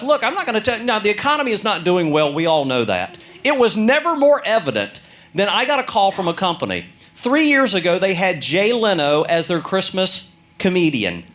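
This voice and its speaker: A man doing a stand-up comedy routine, telling stories deadpan and acting out the people in them. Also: high voice. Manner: deadpan storytelling with quoted characters.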